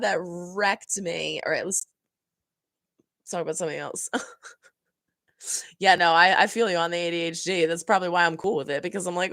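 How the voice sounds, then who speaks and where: A woman's voice: fairly low pitch, normal speed, creaky, long pauses, no room sound. A woman streaming casually, rambling and laughing as she answers her chat. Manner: chatty, rambling, animated, laughs often. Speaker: reaction streamer. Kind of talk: casual chat reading live chat.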